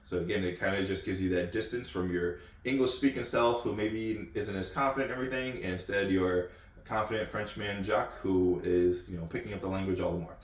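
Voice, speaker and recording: A man's voice: sits low, fairly quick. A man from the United States hosting his channel, chatting off the cuff with lots of ums and restarts. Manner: rambling, many ums and repeated words. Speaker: channel host. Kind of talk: casual off-the-cuff talk. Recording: echoey room, distant mic.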